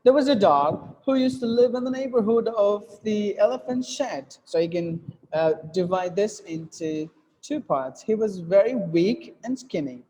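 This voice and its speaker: Male English teacher, high mellow voice, reverberant classroom; patient step-by-step explainer. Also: measured pace. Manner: explains step by step, with fillers and repeated phrases. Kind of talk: classroom lesson on reading aloud. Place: classroom with students.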